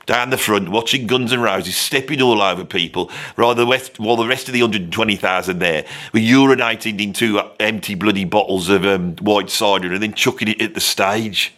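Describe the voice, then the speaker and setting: A man doing a brash Brummie bloke who rants and brags about rock stars, blunt and loud-mouthed with a Birmingham accent. His voice sits fairly high and rings out bright and forceful, and he swears through every comic story. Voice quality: swears constantly, blunt and boastful. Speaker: comic character host. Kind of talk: comedic rant monologue.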